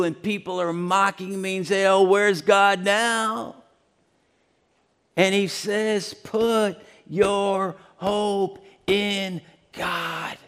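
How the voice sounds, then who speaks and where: Slow-preaching man, slightly high voice. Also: creaky, in a large hall. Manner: preaching with dramatic swings from whisper to loud emphasis. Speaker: pastor. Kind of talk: sermon.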